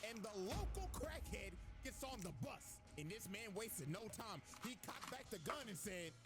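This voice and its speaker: A man telling a comedic story recap, his slightly high voice swinging lively up and down as he piles on slang. Music plays clearly behind him. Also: normal speed, few pauses. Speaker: video narrator.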